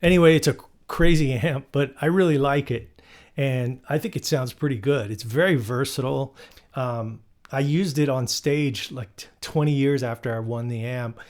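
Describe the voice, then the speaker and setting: A man hosting his guitar channel, telling stories in a relaxed, rambling way with many fillers. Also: medium pitch, normal speed. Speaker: guitarist host. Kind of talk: casual storytelling.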